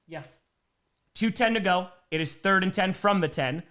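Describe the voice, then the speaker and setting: A man hosting a live play-by-play reaction stream, excitable and swinging from tense muttering to shouting, reading out and thanking viewer donations between plays. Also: high voice, moderate pace. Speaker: streamer and host.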